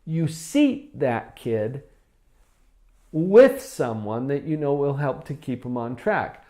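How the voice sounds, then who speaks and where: A man presenting a countdown of classroom behaviour strategies in a calm, measured teaching tone, acting out quoted speech with sudden jumps in pitch. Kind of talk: scripted countdown talk.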